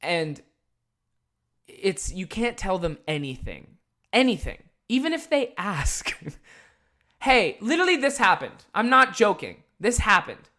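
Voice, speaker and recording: A young man hosting a podcast speaks in a high, sing-song voice with a sharp tone and a slightly slow pace. He tells a rambling, profane story casually, packing it with filler words.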